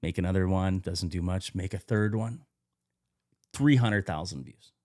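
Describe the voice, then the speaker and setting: A man's voice: sits low, a little slow, darkish tone, no echo, clean studio sound. A man talking as a podcast guest, telling his own story candidly, swearing freely and acting out what he said back then. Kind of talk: casual storytelling interview.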